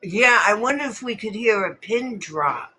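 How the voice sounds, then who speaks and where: Slow-talking bright-voiced woman livestreaming. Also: medium pitch, animated, slightly rough. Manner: chatty, jokey, breaks into snatches of song. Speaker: livestream host. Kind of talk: casual livestream chat. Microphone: phone or streaming setup.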